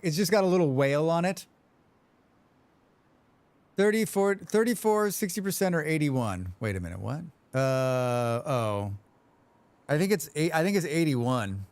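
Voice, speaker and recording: Smooth-voiced man chatting on a game stream. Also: on the high side, no echo. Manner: rambling, humming to himself, reading chat aloud. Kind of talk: casual live-stream chat.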